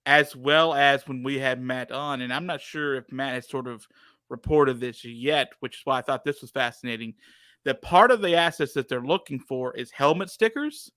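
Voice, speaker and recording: A man co-hosting a podcast, chatting casually with animated, joking energy. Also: medium pitch, normal speed, clean tone, no echo, clean studio sound. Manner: animated, joking, laughs often. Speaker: podcast co-host. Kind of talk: casual chat.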